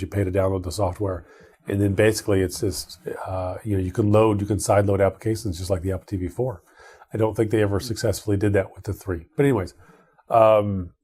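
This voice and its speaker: A middle-aged man with a dark, mellow and somewhat husky voice, chatting casually on a tech podcast. He rambles, restarts his sentences and fills gaps with ums. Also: fairly low pitch. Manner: rambling, many restarts and fillers. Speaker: podcast co-host.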